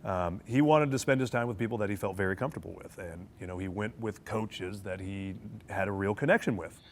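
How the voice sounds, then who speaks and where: A man, a football coach, explains things in a measured way during a documentary interview. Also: low-pitched, slight background noise.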